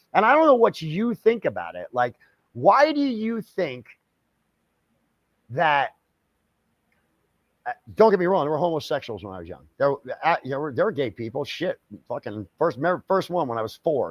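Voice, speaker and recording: A man's voice: on the high side, no echo. An older man co-hosting a casual podcast chat, rambling and swearing constantly, often laughing. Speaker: podcast co-host.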